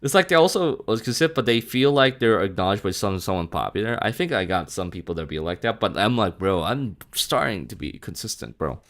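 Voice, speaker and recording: Animated male streamer. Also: fairly low pitch, a little fast, hardly any pauses. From Philippines. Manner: animated, laughs often, swears casually, says bro a lot. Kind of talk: casual live-stream chat.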